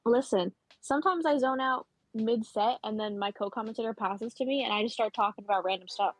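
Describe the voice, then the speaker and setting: High, husky woman joking on a stream. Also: brisk, dry recording. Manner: playful, sarcastic, excitable. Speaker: tournament co-commentator. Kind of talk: casual esports commentary.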